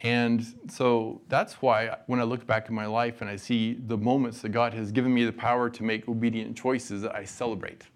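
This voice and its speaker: A man giving a college chapel sermon, casual and joking with the audience. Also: medium pitch. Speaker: guest chapel speaker.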